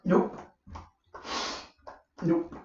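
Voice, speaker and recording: A man's voice: drawn-out words, dark tone, slight background noise. Distant roomy man telling his story. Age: 40s. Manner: repetitive, emotional, repeats phrases. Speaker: vlogger. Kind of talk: personal storytelling. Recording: roomy, distant, muffled recording.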